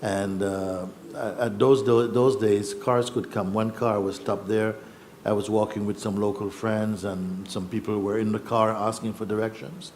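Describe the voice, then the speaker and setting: A middle-aged man, a spiritual teacher, relaxed and chuckling as he tells his story to a gathering and acts out the voices in it. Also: fairly low pitch, measured pace, a little hiss or hum. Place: yoga festival gathering.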